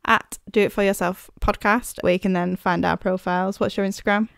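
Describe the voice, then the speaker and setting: A young woman co-hosts a podcast at a middle pitch, rambling through casual chat with plenty of fillers. The sound is very dry and close, with no room in it. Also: steady tone, brisk, vocal fry, smooth, no echo. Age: 20s. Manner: chatty, rambling, frequent fillers and laughs. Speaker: podcast co-host.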